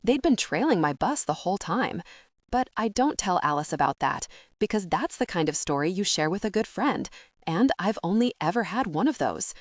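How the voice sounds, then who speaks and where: A woman reading a first-person audiobook narration in a measured, intimate storytelling manner. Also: lowish voice, sing-song, no echo.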